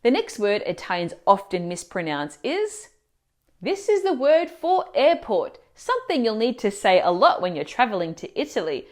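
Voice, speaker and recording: Woman, language teacher, scripted lesson narration, lively up-and-down delivery, clear explanations. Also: fairly high pitch, moderate pace. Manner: clear, explanatory, asks the viewer questions.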